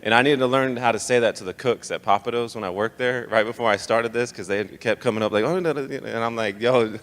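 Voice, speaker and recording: A young Texan man gives a personal testimony talk, telling an audience his life story in a casual, joking way. His mid-range voice is steady, fast, and a bit bright. Long hall reverb fills the recording.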